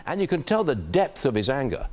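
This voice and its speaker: A man's voice: mid-range voice, sing-song, brisk, darkish tone. A man reading a scripted television news report in a punchy newsreader delivery.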